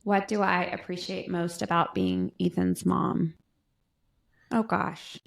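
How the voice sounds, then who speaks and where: A woman's voice: on the low side, vocal fry. A woman in her forties, a podcast co-host, speaking in casual chat about her son, heartfelt and emotional. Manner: heartfelt, emotional, slow and searching. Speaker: podcast co-host, guest's mother.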